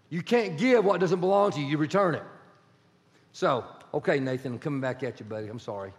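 A man preaching a sermon as pastor, animated and conversational, acting out little dialogues with his congregation. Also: a little high, a little fast. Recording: long church hall reverb.

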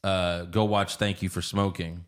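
A man's voice: low-pitched, flat delivery, unhurried. A man hosting a podcast, recapping a movie in casual chat, swearing freely and putting on silly voices for the characters. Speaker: podcast host.

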